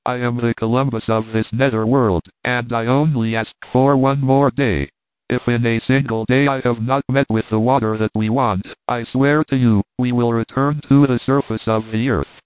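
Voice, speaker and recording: A stubborn older professor with a firm, commanding delivery, as an audiobook reader puts him on. The sound is dry and narrow, like it is coming down a phone line. His voice sits at an ordinary middle pitch for a man. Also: steady tone, moderate pace, no room sound, close to an everyday voice. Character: stern, obstinate older male professor. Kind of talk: audiobook reading.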